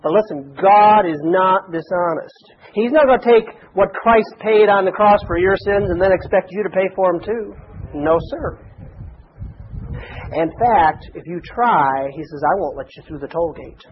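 A man's voice: sits high, a little slow, lo-fi sound, slight background noise. A man preaching a sermon to a congregation in a folksy, conversational way, with chatty asides. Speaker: pastor.

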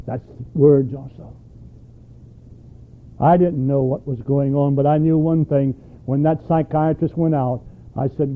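A man's voice: mid-range voice, steady tone, measured pace, pauses often, narrow, tinny audio. A man preaching a sermon, emphatic and throwing questions at his congregation.

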